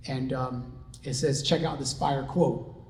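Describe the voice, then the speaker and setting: A man's voice: medium pitch, steady tone, unhurried. A middle-aged man giving a personal testimony to an audience, earnest and conversational, with many fillers and restarts. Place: large room with an audience. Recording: echoey room.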